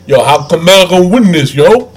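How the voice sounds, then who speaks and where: A man co-hosting a casual wrestling podcast, animated and jokey, laughing often. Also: high voice, a little fast, low-quality recording. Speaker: podcast co-host.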